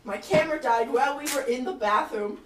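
A woman co-hosting a podcast, chiming in with lively, profane stories. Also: high-pitched, brisk, recorded from a distance. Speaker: podcast co-host. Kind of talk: casual chat. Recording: roomy, off mic, faint noise.

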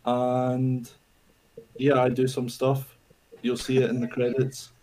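A man's voice: mid-range voice, monotone, slow pace, mellow, low-quality recording. A man in a casual group chat, laid-back and offhand as he introduces himself. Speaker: server host and guest.

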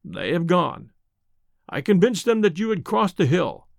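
A man voicing a calm, assured old male villain who speaks smoothly with quiet menace, in an audiobook. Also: high-pitched, a little slow, no echo, clean studio sound, heavily acted.

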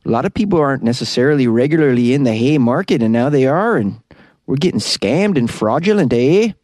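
A man's voice: medium pitch, expressive, darkish tone, no echo, studio quality, lightly acted. A man voicing a gullible, cheerful Canadian in an exaggerated mock Canadian accent, ending his sentences with "eh". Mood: mock-earnest. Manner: tags sentences with a drawn-out "eh", sing-song.

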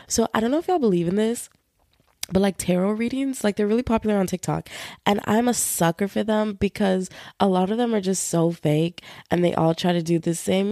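Young female podcast host, solo chat. Gravelly, dark-toned, dry close sound. Slangy and animated. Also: mid-range voice, a little fast, no echo. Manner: chatty, slangy, animated storytelling. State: feeling run-down.

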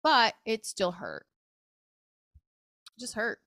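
A woman's voice: fairly high pitch, huge pitch swings, takes it slowly, vocal fry, pushed and bright, no echo, studio quality. A woman talking candidly and emotionally in a rambling personal monologue, swearing casually as she goes. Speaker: show creator talking to camera.

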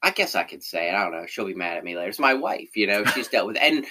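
Bright-voiced man, candid and rambling. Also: lowish voice, expressive, fast. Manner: candid, frequent fillers and self-corrections. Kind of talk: casual conversation.

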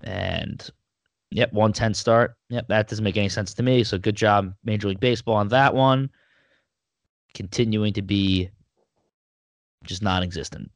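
A man co-hosting a casual sports podcast, speaking in a dry, measured, sarcastic way. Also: fairly low pitch, no echo. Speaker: podcast co-host.

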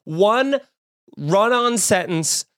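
A man's voice: high-pitched, expressive, drawn-out words, fairly bright tone, no echo, studio quality. A man in his thirties hosting a comedy podcast, ranting with sarcastic, mocking energy. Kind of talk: comedic rant.

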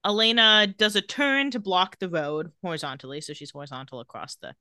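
A woman's voice: lowish voice, fairly quick, sharp tone, dry recording, studio quality. A woman co-hosting a podcast, retelling a TV episode scene by scene in casual chat, laughing often. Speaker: podcast co-host recapping a TV episode.

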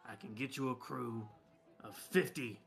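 A man voicing a pushy, hard-of-hearing old male gun merchant who shouts to be heard. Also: mid-range voice, measured pace, vocal fry, slightly rough. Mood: salesy.

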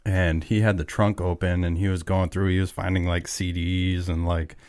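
A man's voice: low voice, flat delivery, normal speed, a little mellow, clear, resonant tone, dry recording. A man, co-hosting a podcast, telling stories in an easygoing way. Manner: easygoing storyteller, many fillers like "yeah". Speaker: podcast co-host. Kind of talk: casual chat.

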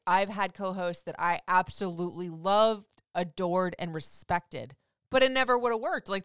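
A woman radio host in her thirties talks through a casual, candid monologue, pushing her voice up for emphasis and dropping to near murmurs for asides. Her voice is smooth and clear. It sits at a middle pitch, recorded dry and close. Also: no echo. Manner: candid and chatty, swinging from loud emphasis to soft asides.

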